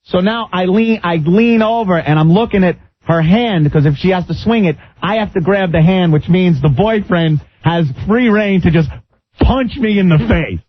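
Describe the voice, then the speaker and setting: A man hosting a talk radio show, telling a long story in an animated way and acting out its people. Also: high voice, normal speed. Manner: animated, breaks into laughter, acts out the people in his story. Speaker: radio host. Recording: lo-fi radio broadcast.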